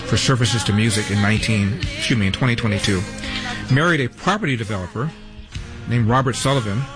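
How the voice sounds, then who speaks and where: Male radio host, dry sarcastic monologue, middle-range voice, studio sound with a faint music bed. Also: medium pitch. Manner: wry, sarcastic asides. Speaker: radio talk show host. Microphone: studio microphone.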